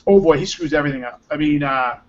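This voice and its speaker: A man's voice: on the high side, quick pace. A man hosting a podcast in upbeat, joking, rambling casual chat, on muffled lo-fi audio. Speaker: podcast host.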